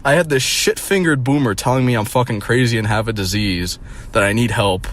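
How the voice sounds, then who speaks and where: A man's voice: mid-range voice, fairly quick, a bit bright. A young man in his twenties telling stories in a profane, rambling, mocking comedic rant.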